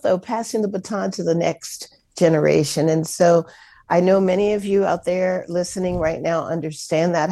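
A woman's voice: on the low side, creaky, mellow. A woman hosting a community radio pledge drive, upbeat and encouraging as she thanks listeners and asks for donations in a radio studio. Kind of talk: community radio fundraising talk.

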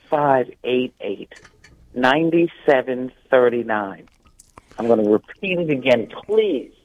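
A man calling in by phone to a radio pledge drive, speaking earnestly and emphatically and repeating his points. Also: mid-range voice. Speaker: radio show host calling in. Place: in the Dominican Republic. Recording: phone-line audio.

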